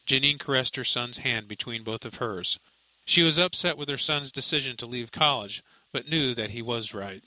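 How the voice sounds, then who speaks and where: A man narrating an audiobook in a steady, measured storytelling voice. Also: medium pitch, dry recording, poor audio. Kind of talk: scripted narration.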